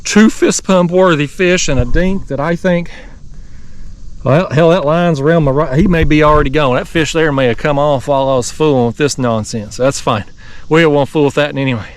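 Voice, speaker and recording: Excitable man fishing from a kayak. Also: fairly high pitch, normal speed, distant mic. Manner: excitable, folksy, laughs often, says "y'all". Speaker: fishing channel host. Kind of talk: excited outdoor vlog commentary. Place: on a kayak outdoors on a lake.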